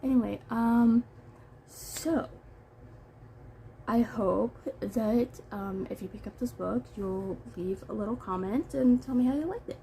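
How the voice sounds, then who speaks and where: A woman reviewing a book in a relaxed, rambling vlog. Her voice is gravelly and mellow, and she takes her time, with a faint hiss of room noise behind her. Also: on the high side, a little slow, rough recording. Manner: chatty, rambling, self-deprecating.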